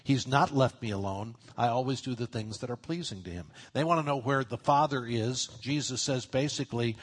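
A man with a husky, slightly breathy voice preaches a sermon. He talks in a plain conversational way and briefly lifts his voice to act out the people he quotes. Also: mid-range voice, moderate pace, hardly any pauses. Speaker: pastor.

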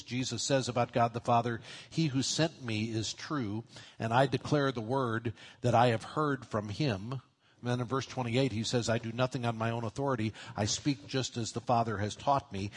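A man with a husky, slightly breathy voice preaches a sermon. He talks in a plain conversational way and briefly lifts his voice to act out the people he quotes. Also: medium pitch, normal speed. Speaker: pastor.

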